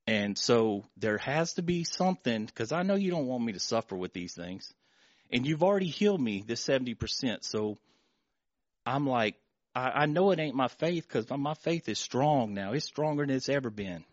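A middle-aged man stands before his congregation and gives his testimony, his voice moderately pitched and caught in a dull, dry recording. He speaks in halting, emotional bursts, restarting and repeating himself as he works through what he wants to say. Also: expressive, no echo. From Florida. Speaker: church member giving testimony.

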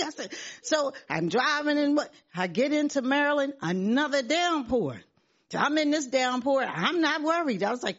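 Middle-aged woman sharing a testimony at church, earnest, lots of restarts and laughing, kinda high voice, dull lo-fi sound. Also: animated, moderate pace. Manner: earnest, repeats herself, laughs often. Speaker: church member giving testimony.

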